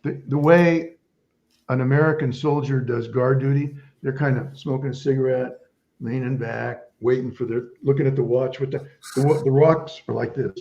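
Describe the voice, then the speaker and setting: A man's voice: mid-range voice, steady tone, normal speed, dark tone. Old guy in his 70s telling war stories, rambly, kinda dull lo-fi sound. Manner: rambling storyteller, restarts often. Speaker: guest, Vietnam veteran and author. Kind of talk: casual interview chat.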